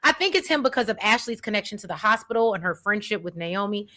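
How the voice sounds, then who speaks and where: A woman's voice: mid-range voice, animated, quick pace, pushed and bright. A woman hosting a casual recap chat, reading viewer comments aloud with slangy, exclamatory asides. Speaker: podcast host reading comments.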